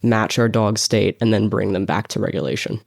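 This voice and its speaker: A man's voice: lowish voice, normal speed, gravelly. A man, a dog behavior consultant and guest on a podcast, explaining research steadily and using lots of "like.". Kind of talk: explanatory interview answers.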